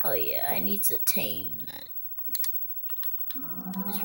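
Woman commentator for a gameplay video, unhurried delivery, giggly and chatty. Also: extremely low pitch, huge pitch swings, vocal fry, a little hiss or hum. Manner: giggly, chatty, talks to game animals.

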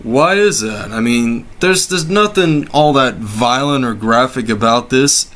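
A man's voice: medium pitch, lively intonation, measured pace, a bit bright. A man hosting comedic meme reactions, exclaiming and laughing in disbelief, sarcastic and swearing freely.

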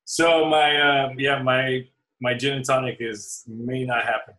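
Bright-voiced chatty podcast man. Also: medium pitch, a little slow, low-quality recording. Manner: chatty, laughs often, tells rambling stories. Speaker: podcast co-host. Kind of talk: casual chat over drinks.

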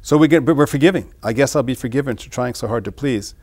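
A man discussing his own song lyrics in an interview, reading lines and then explaining them in a musing, halting way. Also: medium pitch, darkish tone. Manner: halting, many restarts. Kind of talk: reflective interview talk.

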